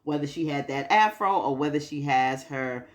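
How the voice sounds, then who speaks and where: A woman's voice: low voice, moderate pace. A woman chatting casually through a TV episode recap, acting out the characters' lines with frequent laughs. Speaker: TV recap vlogger.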